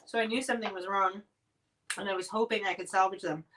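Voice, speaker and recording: A woman hosting a casual livestream at home, chatting while coughing and clearing her throat from spicy food. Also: medium pitch, fairly even intonation, quick pace, far from the mic, background noise. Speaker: livestream host reviewing spicy snacks.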